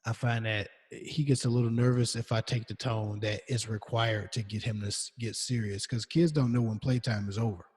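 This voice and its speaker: A man with a slightly husky voice talks casually on a podcast, telling stories in a loose, relaxed way. He uses lots of fillers and restarts. His voice trails off into a long reverberant echo. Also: on the low side, moderate pace, hardly any pauses. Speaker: podcast co-host. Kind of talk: casual chat.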